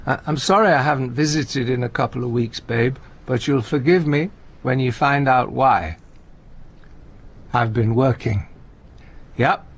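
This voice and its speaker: An actor playing a gentle, anxious older comedian in a radio play, talking in halting, stammering restarts. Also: male voice, mid-range voice. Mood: tender, coaxing. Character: aging male comedian, gentle, anxious, talkative. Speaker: visiting friend and comedy partner.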